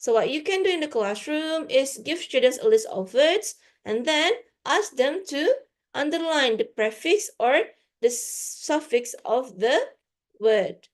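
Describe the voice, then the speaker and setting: A woman's voice: sits high, expressive, unhurried. A woman with an Indonesian accent gives a guest lecture to teachers, giving classroom examples and slipping into Indonesian now and then. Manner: mixes Indonesian into English, frequent "for example".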